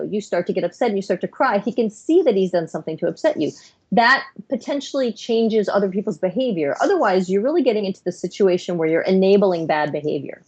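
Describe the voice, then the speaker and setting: A middle-aged woman speaking as a guest psychiatrist on a podcast, earnest and explanatory, her thoughts unspooling in long connected runs. Her pitch sits in an ordinary middle range, and the audio is slightly dull and lo-fi. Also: a little mellow. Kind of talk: podcast interview.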